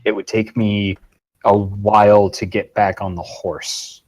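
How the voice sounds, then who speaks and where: Guest man, slightly low voice, easygoing and a bit foul-mouthed, rambling interview answers. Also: level tone, a little slow, darkish tone, poor audio. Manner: rambling, swears casually. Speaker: guest voice actor and game master. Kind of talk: casual interview talk.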